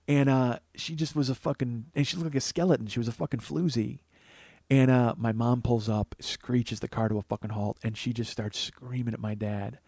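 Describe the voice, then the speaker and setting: A man's voice: medium pitch, moderate pace, no echo. Profane man telling a personal story. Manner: profane, conversational, animated quotes. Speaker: podcast host, comedian.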